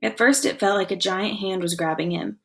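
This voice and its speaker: A woman teacher reads a chapter book aloud to her class, her delivery expressive and full of suspense. She stops now and then to ask the children questions about the story. Her voice sits at an ordinary pitch for a woman. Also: moderate pace, vocal fry. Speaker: elementary school teacher. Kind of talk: reading a novel aloud to a class.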